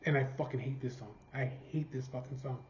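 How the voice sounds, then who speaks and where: Dude from california rambling a story, swears a ton, kinda dull roomy audio. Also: male voice, mid-range voice, steady tone, brisk, a little mellow, a little hiss or hum. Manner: profane, rambling, laughing at his own story. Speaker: vlogger. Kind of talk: casual storytelling. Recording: roomy, slightly dull sound.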